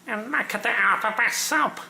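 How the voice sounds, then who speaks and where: A chirpy, childlike sock puppet reads a storybook in a slow, sing-song lilt, as a man puts it on. The tone is bright and edgy with a gravelly catch, and the echoey room at home rings around it. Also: sits high, heavily acted. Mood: playful. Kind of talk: reading a picture book aloud.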